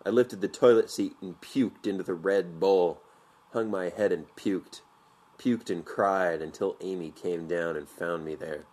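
A man narrating an audiobook in a measured, vivid storytelling manner. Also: deep voice, a little mellow.

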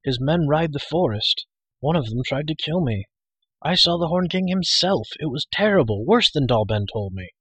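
A man's voice: on the high side, moderate pace, breathy edge, no room sound, pitched above the performer's own voice. A man voicing an impulsive young assistant pig keeper in a storybook reading, blurting his words out eagerly. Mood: alarmed. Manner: excited, blurting.

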